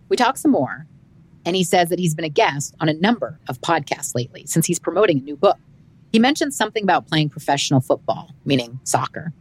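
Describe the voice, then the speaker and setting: A woman, a comedian hosting her podcast, narrating a travel story in a wry, expressive way. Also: low voice, slightly rough. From United States.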